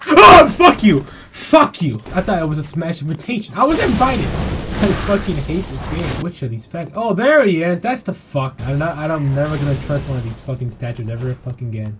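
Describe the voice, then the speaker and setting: A man giving profane, jumpy commentary while playing a video game, swinging between yelling outbursts and self-mocking jokes. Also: on the high side, animated, a little fast, over music. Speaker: gameplay streamer. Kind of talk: live gameplay commentary.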